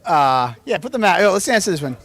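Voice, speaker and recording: A man moderating a fight press conference with a somewhat high voice. He reads out questions casually, joking and teasing with a playful ease. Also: very animated, fast talker, fairly bright tone. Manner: playful, joking, laughs often.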